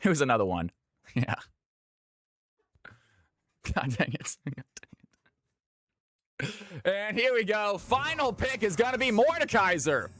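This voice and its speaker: High-pitched, pushed and bright, a Georgian-American streamer calls custom games live in a hyped announcer style. There's no echo on the recording.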